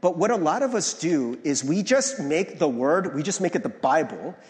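Preaching in a church sanctuary with long hall reverb, a pastor keeps his sermon conversational, checking in with "right?" and performing the voices he quotes. His voice is expressive, on the high side, and moderately paced.

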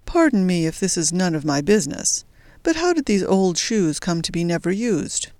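A woman's voice: lowish voice, sing-song, moderate pace, a little mellow, dry recording, clean studio sound. A woman voicing a polite, flustered male newspaper clerk who speaks hesitantly and apologetically.

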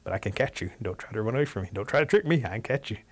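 A man's voice: on the low side, animated. A man voicing a hungry, blunt male wildcat in a spoken folk tale. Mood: gruff. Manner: slow, blunt, demanding.

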